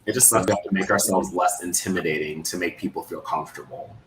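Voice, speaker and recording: A man's voice: low-pitched, fairly even intonation, quick pace. A man speaking frankly and emphatically in a casual group chat. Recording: echoey, noisy room sound.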